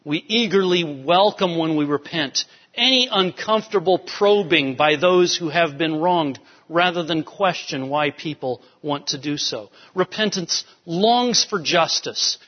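A pastor preaching a sermon with emphatic, rising urgency. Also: male voice, high-pitched, lively intonation, measured pace. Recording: dull sound with long hall reverb.

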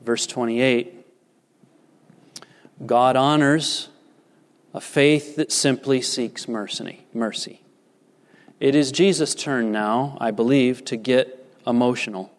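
A man preaching a sermon as a pastor, measured and deliberate, lifting his voice for emphasis. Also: mid-range voice. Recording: long reverb of a large hall.

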